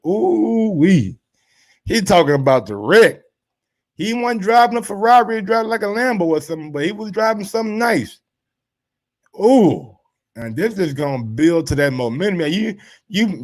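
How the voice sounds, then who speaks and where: A man with a somewhat high-pitched voice hosts casual boxing commentary. He talks in loose slang and reacts to social posts with drawn-out exclamations, keeping an animated, quick-reacting manner.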